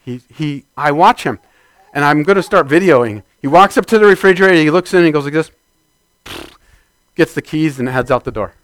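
A man preaching a conversational sermon to his congregation, swinging from loud bursts to quiet asides. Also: on the high side, expressive, a little fast, no echo.

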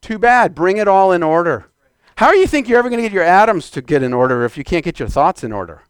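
A man preaching a fervent sermon in a church, exhorting the congregation and shouting declarations. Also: high-pitched, big pitch swings, quick pace, smooth, no room sound.

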